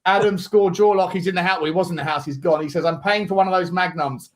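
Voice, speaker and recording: A man hosts a live football watchalong, boisterous and jokey as he reads out viewer messages. He's tipsy from drinking, and his voice sits a little high for a man. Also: fast talker. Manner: boisterous, jokey, shouting out donors. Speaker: watchalong host. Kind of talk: casual live-stream chat.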